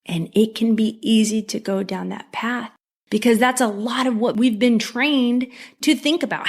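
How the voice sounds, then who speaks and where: A woman's voice: on the high side, normal speed. Woman hosting a solo podcast, earnest and heartfelt, repeats for emphasis. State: moved, near tears. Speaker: podcast host. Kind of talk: solo mindset podcast monologue.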